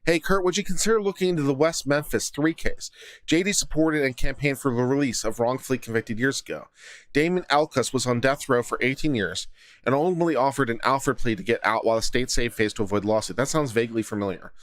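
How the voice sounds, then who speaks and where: A man's voice: medium pitch, quick pace, no echo. Man hosting a dry-sounding livestream. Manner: reads comments aloud, then gives legal commentary. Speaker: host of a law commentary livestream. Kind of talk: casual livestream reading viewer comments. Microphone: studio condenser mic.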